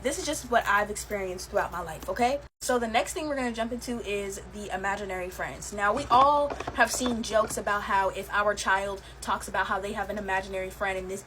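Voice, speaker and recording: A woman's voice: medium pitch, fairly bright tone, slight background noise, rough recording. A young woman telling her own eerie stories in a casual, chatty way, with many fillers and laughs. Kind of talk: casual storytelling to camera.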